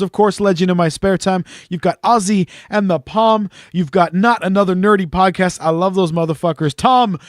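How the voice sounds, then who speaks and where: A man's voice: sits high, dry recording, clean studio sound. A man hosting a podcast in casual chat, rambling, joking and swearing freely. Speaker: podcast host.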